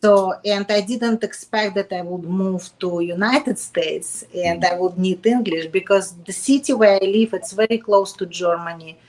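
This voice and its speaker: A woman from Kaliningrad with a Russian accent, a native Russian speaker, talking as a guest in a casual interview in halting English with many restarts. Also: medium pitch, darkish tone. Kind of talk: casual chat.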